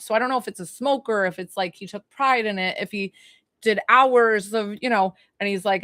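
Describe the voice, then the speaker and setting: A woman's voice: medium pitch, brisk, a bit bright, no echo. Chatty woman giving a dry-sounding psychic reading. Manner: chatty, hesitant, many fillers and questions. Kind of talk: live-streamed spiritual reading.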